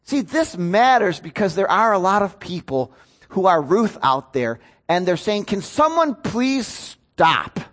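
A man's voice: sits high, animated, normal speed. A man, a pastor preaching a sermon in an earnest, storytelling way. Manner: earnest, storytelling with rising emotion.

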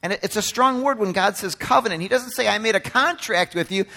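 A man preaching a sermon as pastor, moving from hushed and gentle passages to loud, emphatic ones and acting out the quoted voices. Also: high voice, fairly quick, gravelly. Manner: acts out quoted speech in his sermon.

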